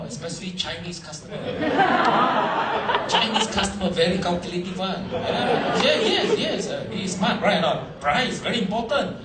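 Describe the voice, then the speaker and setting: A man giving a seminar talk to a live audience, animated, quizzing the crowd, in broken English phrasing. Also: high-pitched, roomy sound, distant mic, very noisy. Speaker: motivational speaker at a business seminar.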